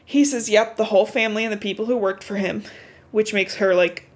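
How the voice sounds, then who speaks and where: A woman's voice: mid-range voice, fairly quick. A woman co-hosting a podcast, casually retelling a novel's plot, swearing freely and filling with "like.". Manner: swears freely, retells story with many likes. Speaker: podcast co-host. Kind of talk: casual book recap chat.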